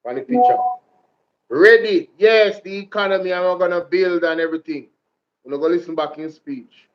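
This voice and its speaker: A man's voice: high-pitched, steady tone, a little fast, highs cut off. Jamaican man giving fiery commentary. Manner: preacher-like, repeats lines, addresses viewers as "ladies and gentlemen" and "Jamaica". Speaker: commentary vlog host. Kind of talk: political commentary.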